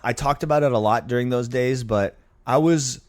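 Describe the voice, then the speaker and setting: A young adult man, a physician and guest, telling stories in a casual interview with animated, emphatic delivery. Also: medium pitch, normal speed. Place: medical clinic.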